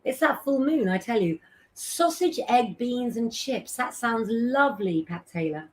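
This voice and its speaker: A woman's voice: a little high, expressive, unhurried. Chatty woman reading live comments. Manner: chatty, reads out viewer names and messages, frequent ums. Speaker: astrologer and tarot reader hosting a live stream. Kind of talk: casual live-stream chat reading viewer comments.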